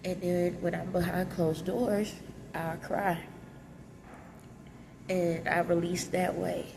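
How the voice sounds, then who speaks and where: Her voice low and creaky with little pitch movement, an adult vlogger with children speaks slowly against a noisy background. Crying in a hotel lobby, she candidly shares her pain with viewers in a casual, raw confessional.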